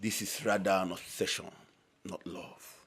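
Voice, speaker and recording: An actor with a Nigerian accent playing a reproachful friend. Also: male voice, low voice, level tone, unhurried, very noisy. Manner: reproachful, pleading. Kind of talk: film acting.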